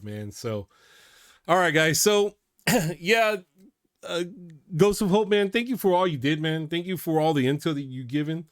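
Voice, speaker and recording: A man ranting on his own channel, his voice a touch high and his sound dry and close. He is openly worked up, swings between loud emphasis and hushed asides, and keeps tacking "man" onto his sentences. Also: expressive, measured pace, no echo. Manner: worked up, repeats "man" often; emphatic, drops loud to quiet. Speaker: channel host. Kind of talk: reaction video rant.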